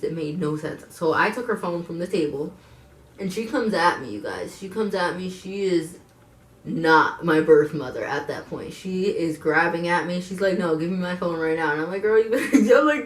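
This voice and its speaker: Low-voiced blunt woman telling her story. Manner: blunt, frank, swears freely, with asides to viewers. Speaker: vlogger. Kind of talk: candid personal storytime. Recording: echoey room.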